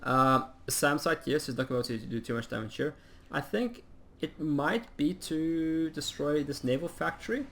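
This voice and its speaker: A man giving casual play-by-play commentary on a strategy game, chatty and rambling with plenty of ums, and quick to poke fun at himself. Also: a little high, a bit bright. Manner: self-mocking humor. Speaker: game caster.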